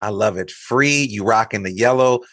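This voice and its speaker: A man's voice: on the low side, moderate pace, a bit bright, dry recording, clean studio sound. A man from Chicago hosting a podcast, chatting casually and playfully as he talks up his guest. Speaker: podcast host. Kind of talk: casual interview chat. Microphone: studio mic.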